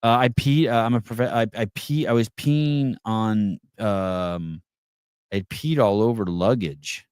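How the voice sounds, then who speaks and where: A man's voice: fairly low pitch, takes it slowly, darkish tone, clear, resonant tone, no echo, studio quality. Blunt, profane man hosting a podcast. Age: adult with children. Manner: blunt and profane, restarts words often. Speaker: podcast host. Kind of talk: casual live call-in chat, reading viewer comments.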